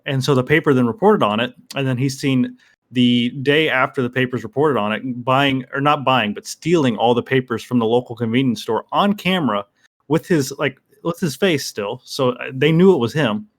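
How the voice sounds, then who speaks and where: A man's voice: medium pitch, normal speed. A young man co-hosting a podcast, retelling a news story in a laid-back casual way. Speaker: podcast co-host.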